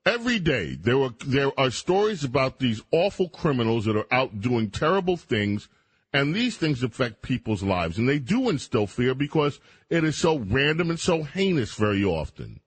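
Middle-aged guy doing talk radio, kinda raspy, pitch all over the place, pushy opinions. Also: very animated, moderate pace, dry recording. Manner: opinionated, emphatic, mocking asides. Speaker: radio talk show host.

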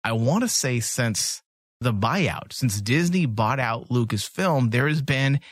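A man's voice: medium pitch, expressive, unhurried, no room sound, studio quality. A man co-hosting a casual podcast, talkative and joking, sometimes reading summaries aloud. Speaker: podcast co-host.

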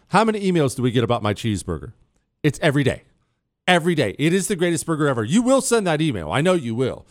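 A man's voice: medium pitch, dry recording. Boastful male radio host, dry close sound. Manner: playful, bragging, teases a co-host. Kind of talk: boastful casual talk radio monologue. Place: radio studio. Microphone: studio mic.

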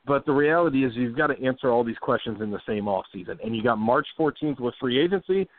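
A male podcast host talks through a sports offseason in a casual, emphatic way, getting lively when he jokes. His voice sits in the middle range. The sound is dry and tinny, like a phone line. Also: mid-range voice, fast, no echo. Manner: energetic, emphatic, animated when joking.

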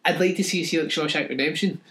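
A man's voice: on the high side, fast, a bit bright. A man, a podcast co-host, talking in casual chat, sweary and mocking, laughing often.

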